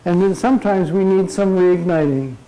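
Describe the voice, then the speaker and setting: An older man giving a humorous motivational talk at a club meeting, telling jokes deadpan. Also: sits high, moderate pace, low-quality recording. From Minnesota. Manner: deadpan joke-telling to a laughing audience. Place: meeting room before a live audience. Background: audience laughter.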